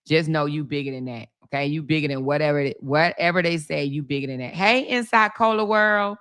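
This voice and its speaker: Sassy bright-voiced woman chatting on a livestream. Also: low-pitched, fairly quick, smooth. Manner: sassy, chatty, laughs often, says baby and y'all. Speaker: livestream host. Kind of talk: casual live chat, reading comments.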